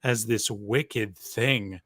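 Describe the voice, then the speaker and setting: A man's voice: fairly low pitch, very slow, fairly bright tone, no room sound, clean studio sound. A middle-aged man from Canada, a podcast guest chatting casually and acting out quotes in mock voices.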